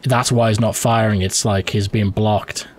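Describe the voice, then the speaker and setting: A man's voice: on the low side, steady tone, normal speed. A man hosting a let's play, giving profane, reactive commentary and thinking aloud as he plays. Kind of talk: live gameplay commentary.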